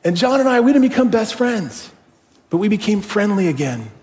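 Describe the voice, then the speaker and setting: A middle-aged man, a pastor, preaching a sermon in a conversational, animated way and telling a personal story with rhetorical questions. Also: high voice, moderate pace. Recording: long hall reverb.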